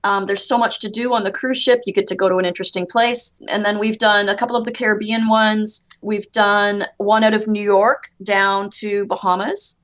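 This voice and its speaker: A woman's voice: medium pitch, steady tone, moderate pace, few pauses, a bit bright. Chatty Canadian woman guest. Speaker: podcast guest. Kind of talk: casual podcast chat.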